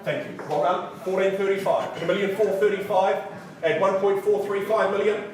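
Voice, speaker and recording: Indoors at a live auction, a man with a high-sitting voice rattles off bids and teases bidders with playful asides. His tone is level and his pace moderate, captured from a distance in a very echoey room.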